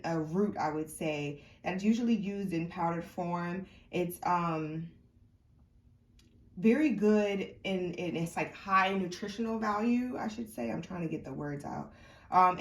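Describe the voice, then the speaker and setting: Young woman, tarot reader, low and a bit stuffy-nosed, rambling casual delivery, off-mic in a roomy space. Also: far from the mic. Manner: chatty and rambling, many fillers and restarts. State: congested sinuses. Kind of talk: casual tarot reading to camera. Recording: echoey room, mic set back.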